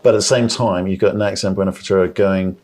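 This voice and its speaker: A man's voice: low-pitched, fairly even intonation, fast, a little mellow. A man interviewing a company boss for investors, asking blunt, pressing questions and cutting in often.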